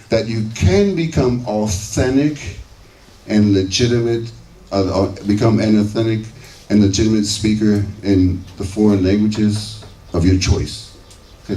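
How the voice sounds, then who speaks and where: In an echoey lecture hall, an American man in his sixties delivers a conversational conference talk in a low, mellow voice, often pausing on "okay" and "right" to check in with his audience. The mic sits far off, picking up faint hiss.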